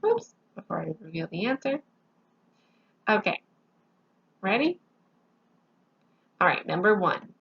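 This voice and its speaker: Sleepy teacher with a gravelly voice. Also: female voice, mid-range voice, sing-song, slow, long pauses, lo-fi sound. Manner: patient, explains step by step with examples. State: sleepy, yawning. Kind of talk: recorded grammar lesson.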